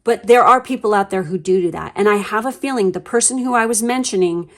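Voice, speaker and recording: A woman at a middle pitch talks through a pick-a-card tarot reading. Her delivery is blunt and emphatic, full of swearing and fillers. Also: quick pace. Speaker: tarot reader.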